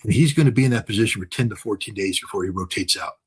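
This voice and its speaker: A man's voice: fairly low pitch, racing, slightly rough, poor audio. An older man giving impassioned commentary, talking emphatically with many fillers, restarts and repetitions.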